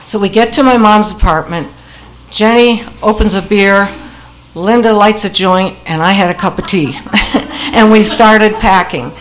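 An older woman recounts a family memory in a relaxed storytelling voice. She tells it with dry, wry humor and laughs easily at her own lines. Her voice sits in an ordinary middle pitch. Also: measured pace, a little hiss or hum, low-quality recording. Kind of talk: personal storytelling.

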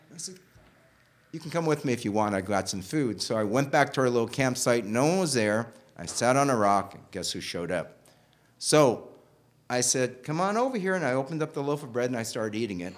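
Animated man telling a personal story. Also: mid-range voice. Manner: animated, swinging from loud bursts to hushed asides.

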